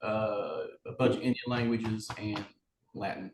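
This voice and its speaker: A man's voice: fairly low pitch, unhurried. A man playing a tabletop game, wry and joking, heard in a roomy echo with faint noise. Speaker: player. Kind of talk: casual tabletop play.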